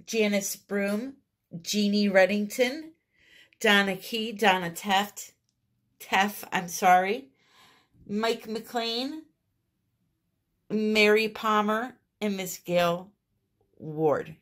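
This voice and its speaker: Slow-talking New England woman. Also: mid-range voice. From northeastern United States. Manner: chatty and upbeat, laughs at herself. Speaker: resin art channel host. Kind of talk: casual craft tutorial.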